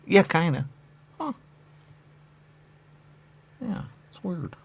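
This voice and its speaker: Male comic, gravelly husky voice, absurd playful banter, lively delivery. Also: high-pitched, very slow. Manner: absurd, playful back-and-forth, some whispered asides. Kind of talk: improvised comedy banter.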